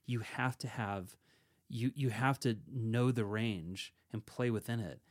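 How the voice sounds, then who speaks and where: A man's voice: medium pitch, a little slow. A man co-hosting a podcast and teaching meditation in casual chat, rambling and self-correcting, laughing easily.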